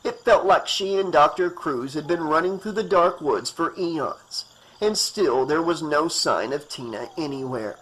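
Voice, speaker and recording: A man's voice: a little high, measured pace, a bit bright, slightly rough, low-quality recording. A man reading a horror novel aloud as an audiobook narrator, in a tense, dramatic way.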